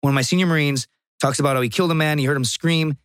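A man's voice: on the high side, rapid-fire, smooth, no echo, studio quality. A man, a stand-up comedian and podcast guest, telling stories in casual chat with swearing and acted-out voices. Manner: animated storytelling, profane, acts out voices.

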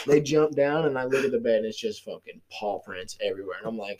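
A man's voice: medium pitch, quick pace, hardly any pauses, poor audio. A young man in his twenties hosting a casual podcast chat, telling loose, profane stories and acting out what people said. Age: 20s. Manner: loose storyteller, swears freely, acts out quotes. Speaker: podcast host.

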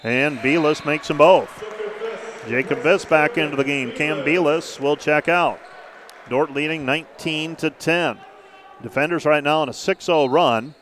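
Man calling basketball play-by-play, fairly high voice. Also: a bit bright, slight background noise. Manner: brisk name-by-name play calling with stat asides. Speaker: play-by-play announcer. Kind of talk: live basketball commentary.

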